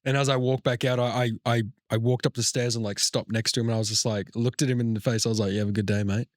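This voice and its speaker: A young man rambles through a travel story on a podcast, swearing freely and restarting sentences as he goes. His voice sits at an ordinary middle pitch. It's recorded close and dry, with no room sound. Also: level tone, fast talker, dry recording. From Australia. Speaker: podcast host. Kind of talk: casual chat.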